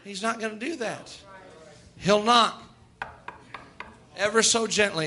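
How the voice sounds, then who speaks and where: A man's voice: sits high, slow, bright, forceful tone. A male preacher, delivering a folksy sermon and voicing God and sinners in quoted asides.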